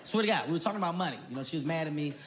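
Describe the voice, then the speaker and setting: A man performing a stand-up comedy routine, loud and animated, swearing often and shouting his punchlines. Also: a little high, very fast. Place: large venue with a live audience. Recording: live show with crowd laughter and noise.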